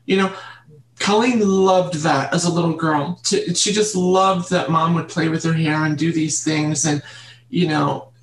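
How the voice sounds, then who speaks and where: A woman guest in an interview, telling her childhood story in an earnest, halting way and repeating words. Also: sits low, steady tone. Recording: roomy echo.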